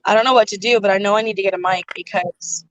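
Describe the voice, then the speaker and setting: A woman hosting a livestream, chatting casually and loudly over a phone from inside a noisy car. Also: medium pitch, steady tone, fast talker, no room sound. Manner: loud, projecting voice. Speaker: livestream host. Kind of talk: casual chat.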